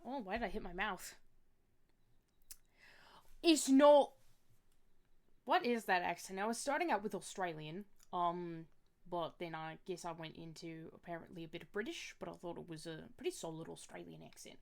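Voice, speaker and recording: A woman's voice: lowish voice, normal speed, vocal fry, pauses often. A young woman streamer rambling in a playful, self-mocking way during a casual drawing stream. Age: young adult. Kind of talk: casual chat while drawing.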